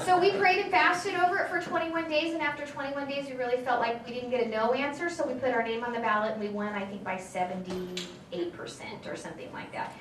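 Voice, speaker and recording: A fairly high-voiced woman in her forties tells stories in a loose, chatty way, full of fillers and side remarks. She sounds distant from the mic, and her voice rings in a reverberant meeting room. Faint room noise stays underneath. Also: expressive, brisk, fairly bright tone. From California, Central Valley. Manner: chatty storytelling with many fillers and asides. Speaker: state assembly member giving a talk. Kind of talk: informal speech to a political group. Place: meeting room at a local political gathering.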